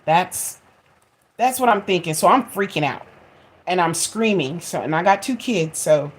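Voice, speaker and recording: A woman in her forties telling a funny home story to her viewers in a chatty, expressive way and laughing at herself. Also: on the low side, measured pace, husky. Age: 40s. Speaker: vlogger. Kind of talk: casual storytelling to camera.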